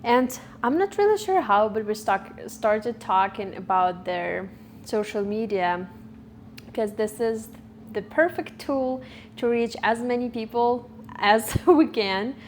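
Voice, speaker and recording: Unhurried, thoughtful young woman vlogger. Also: on the high side, a little hiss or hum. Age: 20s. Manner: thoughtful, searching for words with frequent fillers. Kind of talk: reflective talk to camera. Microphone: camera recording.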